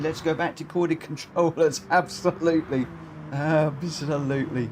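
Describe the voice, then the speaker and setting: A man hosting and commentating online racing in a chatty, excitable, jokey way over a live stream. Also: fairly high pitch, a little slow. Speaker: race commentator and lobby host. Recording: game audio noise behind.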